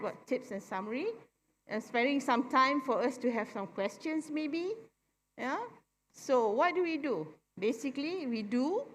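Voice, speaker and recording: A middle-aged woman with a Malaysian English accent gives a public talk to an audience, often asking "right?" to check that they follow. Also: on the high side. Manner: keeps asking "right?" for agreement, explains slowly and plainly. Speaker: forum speaker. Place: convention centre hall. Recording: long hall reverb from a convention centre.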